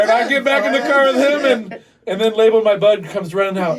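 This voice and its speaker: A man's voice: high voice, normal speed, recorded from a distance, over a noisy crowd. A man telling a rambling, profane story in casual chat, acting out what others said. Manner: animated, profane, acts out quotes. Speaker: podcast guest.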